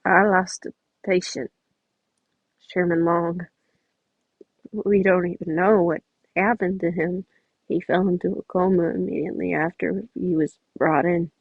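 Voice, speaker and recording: Soft-spoken teen boy healer, read by a woman; husky, gravelly, dry sound. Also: lowish voice, steady tone, unhurried, long pauses, dry recording, narrow, tinny audio, full character voice. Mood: gentle. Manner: soft, gentle. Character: gentle caring teenage boy healer.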